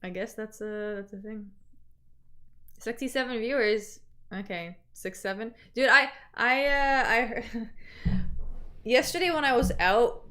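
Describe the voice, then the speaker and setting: A woman's voice: fairly high pitch, slow, a bit bright. A young woman with a Canadian accent, chatting casually with viewers as a livestream host and reading their comments aloud.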